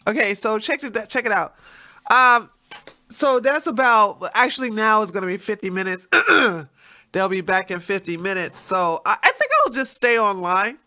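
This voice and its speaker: A woman with a congested, allergy-stuffed nose talks to her stream audience in a loose, wandering way. Her voice is bright and pushed forward, and she breaks into easy laughter as she goes. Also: mid-range voice, animated, normal speed. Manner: rambling, chatty, laughs often. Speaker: livestream host. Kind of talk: casual livestream chat.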